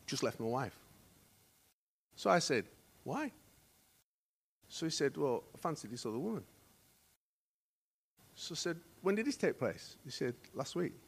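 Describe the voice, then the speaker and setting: In a church hall, a middle-aged associate pastor preaches a sermon, telling stories and acting out dialogue as he moves from hushed to loud. His voice sits on the high side, creaky with a breathy edge.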